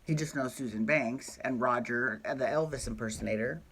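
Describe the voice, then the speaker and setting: Man, recap host, casual and gushing, lots of quick asides and sheepish apologies. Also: mid-range voice, fairly bright tone, breathy edge. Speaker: soap opera recap host. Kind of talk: casual chat.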